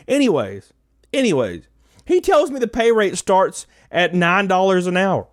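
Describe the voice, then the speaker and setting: A man's voice: high voice, sing-song, unhurried, no room sound, clean studio sound. A young American man telling a job interview story to his channel, sarcastic and swearing, laughing at himself. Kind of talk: casual storytelling rant.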